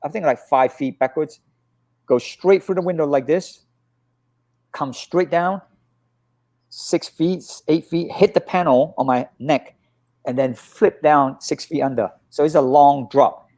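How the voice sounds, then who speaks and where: A man's voice: on the high side, measured pace. A man, a stunt coordinator guest, telling stories in a casual interview and acting out what people said. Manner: animated, acts out quotes.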